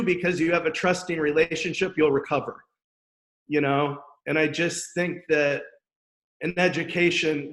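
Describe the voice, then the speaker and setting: A man's voice: on the high side, fairly bright tone. Candid educator man, roomy sound. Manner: candid, heartfelt, lots of "like, you know". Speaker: podcast guest, educator. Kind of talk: casual conversation.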